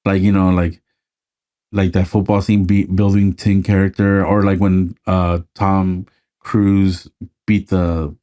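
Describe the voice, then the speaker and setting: A man's voice: low-pitched, little pitch movement, slow, warm tone. A man co-hosting a podcast in casual chat, laid-back and swearing freely as he acts out lines from a film. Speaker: podcast co-host.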